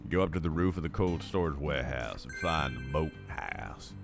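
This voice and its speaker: A man's voice: a bass voice, lively intonation, moderate pace, vocal fry, over music. A young man live-streaming a game, sleepy and yawning, rambling casually to his chat with many fillers.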